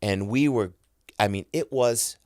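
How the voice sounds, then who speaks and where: Man, middle-aged, podcast guest, lowish voice, dry close sound, animated storytelling, self-interrupting. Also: a little slow, no echo. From United States.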